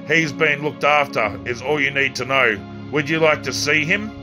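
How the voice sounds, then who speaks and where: A man voicing a calm, sinister male cult leader speaking over the phone, measured and coolly threatening. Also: fairly high pitch, music in the background, close to an everyday voice. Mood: coolly menacing.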